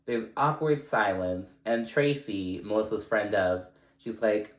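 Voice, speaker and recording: A man's voice: lowish voice, unhurried. A man hosting a casual recap vlog, chatty and loose, full of fillers and casual swearing. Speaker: recap vlogger. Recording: echoey room.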